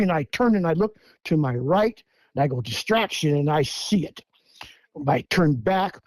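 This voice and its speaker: A Washington State man in his seventies, appearing as a guest eyewitness, recounts his story step by step in the first person and acts out the lines he quotes. His voice is fairly high and a little mellow, with no echo.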